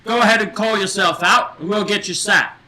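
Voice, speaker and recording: A man's voice: high voice, brisk, sharp tone. A man hosting a livestream in an improvised role as a feast host, theatrical and crude, swearing freely and calling people love and mate. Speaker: livestream host playing a wedding host.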